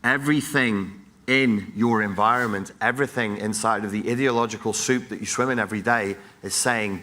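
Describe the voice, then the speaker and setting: A man's voice: lowish voice, moderate pace, pushed and bright. A middle-aged man, a psychologist, giving a blunt, profane, exhorting motivational talk on a conference stage, wired and jet-lagged.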